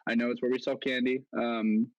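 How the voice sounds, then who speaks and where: A man's voice: medium pitch, a little fast, no echo, dull audio. A young man co-hosting a podcast, telling stories in casual chat and acting out what people said. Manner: animated, acts out quotes in a raised voice. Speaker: podcast co-host.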